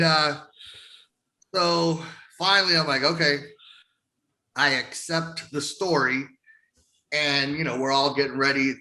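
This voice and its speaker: A middle-aged man telling wrestling stories in a casual interview, swearing often and laughing as he goes. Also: mid-range voice. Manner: profane, laughing, animated storyteller. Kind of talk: casual storytelling.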